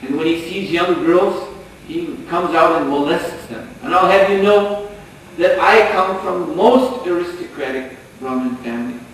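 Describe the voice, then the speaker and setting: A man's voice: fairly high pitch, fairly even intonation, unhurried, few pauses, fairly bright tone, voice pushed up. A man voicing a haughty, snobbish young girl who speaks with lofty indignation. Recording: echoey hall, distant mic, faint noise.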